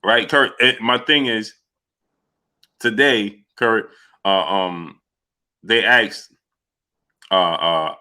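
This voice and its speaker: A man's voice: on the low side, drawn-out words, long pauses, bright, forceful tone. A man hosting a live boxing talk stream, talking emphatically with repeated fillers and frequent "you understand?". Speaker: sports talk show host.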